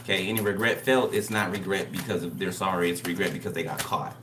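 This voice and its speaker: A man with a lowish voice gives a blunt, preachy spiritual reading, repeating his points and swearing freely. He sounds set back from the mic in an echoey room, with a faint hiss underneath. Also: quick pace, recorded from a distance. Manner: blunt, repetitive, profane. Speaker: tarot reader. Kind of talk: casual spiritual reading monologue.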